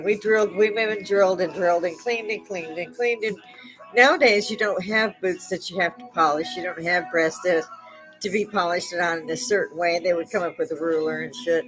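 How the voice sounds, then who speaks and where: A woman's voice: medium pitch, poor audio. An older woman from Chicago hosting a live stream, telling casual stories with frequent laughter and plenty of swearing. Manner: salty, laughs often, swears freely. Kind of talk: casual storytelling chat.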